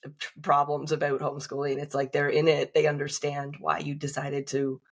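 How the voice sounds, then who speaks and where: Lady cohost on a podcast, quick thoughtful comments. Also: deep voice, monotone. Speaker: podcast co-host. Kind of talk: casual podcast conversation.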